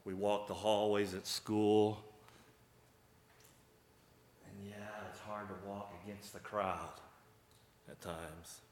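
A male preacher giving a sermon, telling the scene in an animated way and acting out its people. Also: on the low side, slow pace, long pauses, slight background noise. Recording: echoey room.

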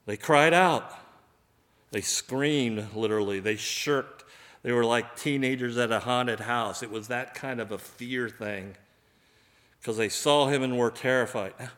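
A man preaching a sermon, animated, acting out the voices of the people in the story. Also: medium pitch, reverberant. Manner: animated, acts out voices of biblical figures.

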